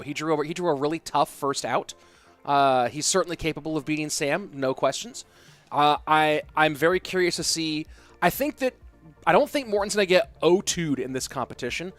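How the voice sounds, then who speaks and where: A man's voice: a little high, expressive, brisk, a bit bright, faint music behind. A man in his thirties casting esports, chatting casually and thinking aloud as he answers viewer questions. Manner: loose and conversational, thinking aloud. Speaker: esports caster. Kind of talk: casual stream chat reading viewer questions.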